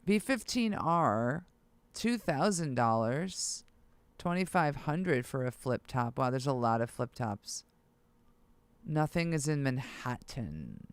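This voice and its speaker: Excitable producer, lively smooth voice. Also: mid-range voice, slow, no echo. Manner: excitable, talks to self while browsing listings. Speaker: music producer vlogger. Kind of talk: casual vlog talk to camera.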